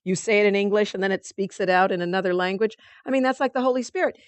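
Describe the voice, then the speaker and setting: Woman, study group leader, mid-pitched, chatty teaching style, dry close sound. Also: quick pace, hardly any pauses, clean tone, dry recording. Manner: reads passages aloud, then comments in a chatty way; loose and conversational, with many fillers.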